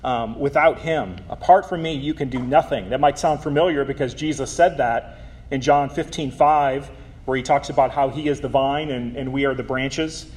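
A man's voice: medium pitch, normal speed, a little mellow. A man preaching a sermon in a conversational way, with frequent ums and small self-corrections.

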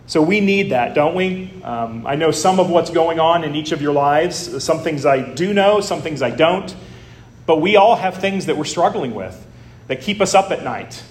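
Male pastor, sermon, higher-pitched voice, conversational with "uh" fillers, faint background hum. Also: lively intonation, moderate pace, roomy sound. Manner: conversational preaching with frequent "uh" fillers.

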